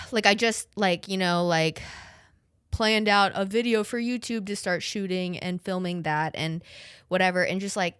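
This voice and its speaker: A woman's voice: mid-range voice, steady tone, measured pace, a bit bright, clean tone, no room sound. A woman in her late twenties hosting a podcast, chatting casually about her family, rambling with lots of "like" and casual swearing, close to tears. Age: late 20s. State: emotional, near tears. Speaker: podcast host. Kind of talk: casual personal chat.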